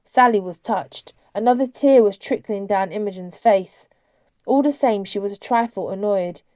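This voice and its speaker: A woman narrating an audiobook in a steady, expressive storytelling manner. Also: mid-range voice, moderate pace, no room sound, clean studio sound.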